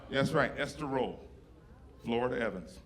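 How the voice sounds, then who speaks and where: A man's voice: mid-range voice, animated, moderate pace, a bit bright. A man doing a stand-up set in a comedy club, swearing freely and fighting back tears as he talks about his mother. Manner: profane, emotional, close to tears. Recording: live club with audience noise.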